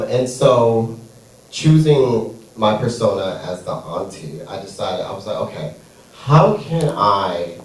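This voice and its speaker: A man performing a stand-up comedy set on a theater stage, sassy and playful, drawing out his punchlines. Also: on the low side. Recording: echoey room, far from mic.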